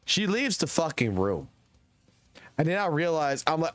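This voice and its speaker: A man's voice: a little high, expressive, fairly quick, fairly bright tone, no echo. A young adult man streaming live, telling a long, rambling story in casual chat and swearing heavily. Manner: profane, rambling, heated storytelling.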